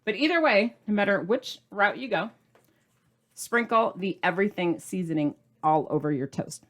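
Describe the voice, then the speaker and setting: A woman's voice: medium pitch, lively intonation, moderate pace, fairly bright tone. A middle-aged woman hosting a cooking video, chatting in a gushing, bubbly way and sometimes talking while eating. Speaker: cooking channel host. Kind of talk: casual cooking demo chat.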